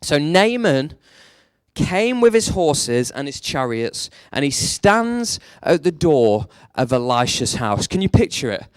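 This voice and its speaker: A male preacher giving a sermon in a fairly high voice, telling the story with lots of animation. He drops low and quiet, then pushes out strong lines, and the sound is close and dry. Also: takes it slowly, smooth, no echo. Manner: animated storytelling, swings between hushed and emphatic.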